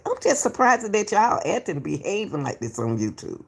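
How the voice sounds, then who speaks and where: Woman, gravelly voice, reaction commentary, repeats herself, says baby. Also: medium pitch, very animated, moderate pace. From Atlanta, US. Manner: repetitive, emphatic, calls people baby. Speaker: YouTube commentator.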